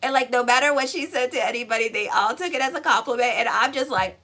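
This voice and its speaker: This woman talks fast in a bright, forceful, slightly high voice. She's an astrologer and tarot reader delivering a chatty, blunt horoscope reading full of swearing and rambling digressions into stories.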